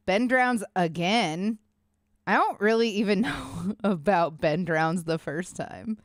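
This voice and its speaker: A woman's voice: mid-range voice, slow pace, no room sound, clean studio sound. A woman streamer chatting casually with her viewers, rambling and a little winded. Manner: chatty, rambling, talks to chat. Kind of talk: casual live-stream chat.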